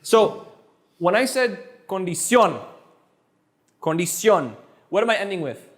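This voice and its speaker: A high-pitched man who grew up speaking French teaches Spanish one-on-one. He talks in an animated, playful way, often repeating words and tossing in jokes. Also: moderate pace. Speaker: Spanish tutor. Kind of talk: energetic one-on-one language lesson.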